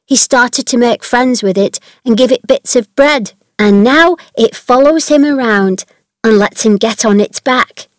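A cheerful, chatty young servant girl, as a woman reader puts her on, talking in a higher, louder and brighter voice than the narration. She sounds brisk and kind, like a friendly maid in a storybook. The recording is dry and close. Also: no room sound, lightly acted.

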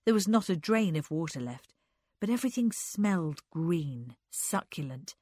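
Casting: unhurried audiobook narrator, woman, lively intonation, dry close sound. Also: fairly low pitch, no echo. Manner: unhurried, expressive.

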